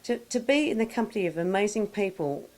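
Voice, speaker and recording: Woman, Australian accent, party guest, casual interview, chatty, effusive, mid pitch. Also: animated, a little fast, darkish tone. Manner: chatty and effusive, with Aussie slang. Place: indoor evening party.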